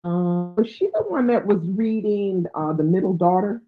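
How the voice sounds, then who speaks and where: Woman host of a casual live book stream, chatty and musing, middle pitch, narrow phone-like sound. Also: normal speed. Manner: chatty, thinks aloud with fillers. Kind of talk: live-stream chat reading out viewer comments.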